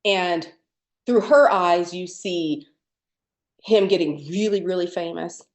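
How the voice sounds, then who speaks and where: Woman podcast co-host, lowish voice, rambling casual chat full of "like" and restarts. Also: takes it slowly. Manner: chatty, many fillers and restarts.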